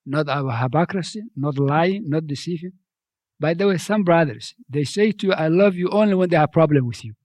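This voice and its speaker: A man's voice: fairly high pitch, expressive, a little fast, a little mellow, dry recording. Preaching man, second-language English. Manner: conversational, repeats phrases, non-native grammar. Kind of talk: sermon.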